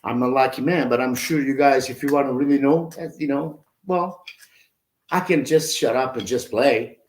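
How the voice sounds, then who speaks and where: A man's voice: medium pitch, moderate pace, slight background noise. A man giving a casual online drum lesson, chatting and scatting drum patterns aloud. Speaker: drum teacher. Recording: roomy, with drumming behind.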